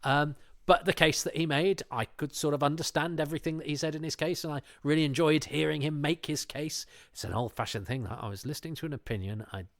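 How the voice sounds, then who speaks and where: A man's voice: on the high side, fairly even intonation, fast, no echo, clean studio sound. A man chatting casually as a podcast guest, rambling and restarting his sentences often. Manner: rambling, self-interrupting, frequent restarts. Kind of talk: casual chat.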